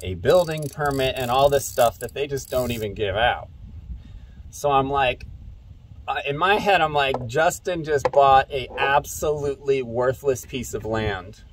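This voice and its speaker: Slow, rambling man telling a story. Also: medium pitch, slight background noise. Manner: recounts conversations, many fillers, slow and rambling. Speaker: commentator. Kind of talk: casual storytelling monologue.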